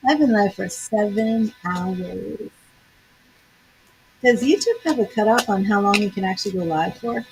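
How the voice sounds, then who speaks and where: A woman's voice: medium pitch, measured pace, a little hiss or hum, low-quality recording. A woman tarot reader and psychic medium chatting on a livestream, laughing often and greeting viewers by name. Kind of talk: casual livestream chat.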